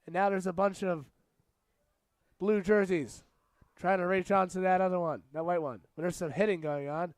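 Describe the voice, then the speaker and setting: At normal speed, a young match commentator calls a school rugby game casually, with plenty of jokes and chatter between plays. His voice is smooth, clear and a little high, recorded close and dry, and he shouts out whenever something big happens.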